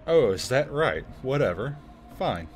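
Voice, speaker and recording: A man's voice: fairly low pitch, expressive, moderate pace, fairly bright tone, faint music behind. A man voicing a hungry, greedy evil genie with a growling, gloating manner while playing a game on a livestream. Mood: dismissive.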